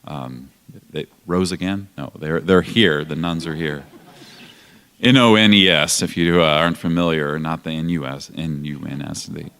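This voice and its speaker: Man, 40s, low voice, earnest panel speaker, big reverberant hall. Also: normal speed, a bit bright, smooth. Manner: earnest, reflective, with restarts. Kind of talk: panel talk.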